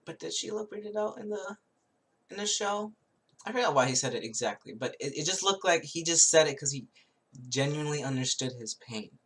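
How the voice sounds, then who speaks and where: A man giving a casual spoken tarot reading, rambling and halting, with many restarts and little chuckles as he recounts a show. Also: on the high side, lively intonation, a bit bright. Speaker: tarot reader.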